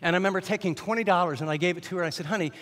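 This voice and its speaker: A middle-aged man preaching a sermon as a Bible teacher, animated and often restarting his sentences. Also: high-pitched, very fast. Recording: long hall reverb.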